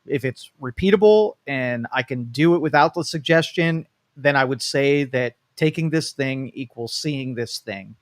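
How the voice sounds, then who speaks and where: A man's voice: medium pitch, normal speed, few pauses, no echo. Reflective man talking on a studio show. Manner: reflective, explains at length with restarts. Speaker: co-host. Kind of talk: casual talk show discussion.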